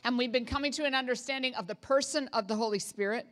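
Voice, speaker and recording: A woman's voice: on the high side, fast talker, fairly bright tone, in a large hall, faint music behind. A woman pastor from Canada preaching a sermon in a casual, humorous way, with asides to the congregation. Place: church sanctuary.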